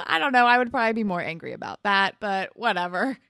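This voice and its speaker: Animated woman recapping a show. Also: on the high side, a little fast, few pauses, no room sound, clean studio sound. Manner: animated, acts out characters' lines when recapping. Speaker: podcast co-host. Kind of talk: casual recap chat.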